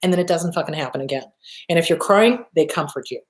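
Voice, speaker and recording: A woman's voice: sits low, quick pace. A woman hosting a live advice talk, answering viewer questions in a blunt, emphatic way and swearing casually. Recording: roomy echo.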